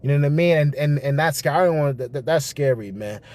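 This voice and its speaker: A man's voice: fairly high pitch, fast talker, a little mellow. A young man giving casual, rambling political commentary on a livestream, reacting to chat as he goes. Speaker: livestream host.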